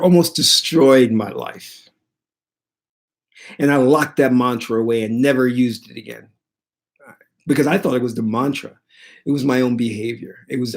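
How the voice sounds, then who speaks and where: A man who teaches spirituality, retelling a personal story in an animated, dramatic way. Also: medium pitch, creaky. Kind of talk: storytelling monologue.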